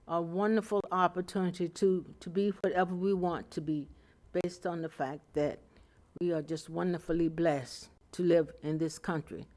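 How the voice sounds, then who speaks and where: A woman council member giving earnest, somewhat halting remarks at a public meeting. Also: fairly low pitch, dark tone.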